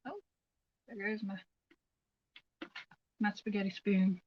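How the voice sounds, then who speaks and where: A woman's voice: mid-range voice, steady tone, slow pace, muffled recording. A middle-aged woman chatting casually as she cooks in her home kitchen, rambling and answering viewer comments on her phone livestream. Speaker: livestream host. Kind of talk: casual chat while cooking.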